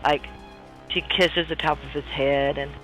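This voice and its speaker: A man's voice: a little high, fairly even intonation, measured pace, sharp tone, highs cut off, faint music behind. A man playing a tabletop game, narrating his character's actions in a rambling way, full of fillers. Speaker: player.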